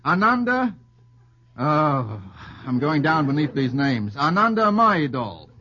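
A man's voice: a little high, sing-song, pushed and bright. A man hosting a radio quiz show, trading quips and laughing at his own puns. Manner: jokey, quick asides, laughs at own puns. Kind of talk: witty quiz-show banter. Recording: dull old radio broadcast with faint hiss.

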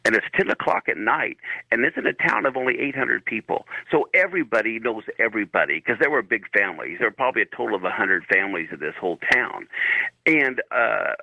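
A man's voice: on the low side, lively intonation, a little fast, vocal fry, pushed and bright. A man guest on a call-in radio show, telling a personal story in a folksy way with many fillers. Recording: dull lo-fi radio audio.

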